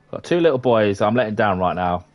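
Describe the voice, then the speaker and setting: A British man giving chatty let's-play commentary, muttering at the game with sing-song hums and sudden high exclamations. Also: dull audio, slight background noise. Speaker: gamer playing for his sons.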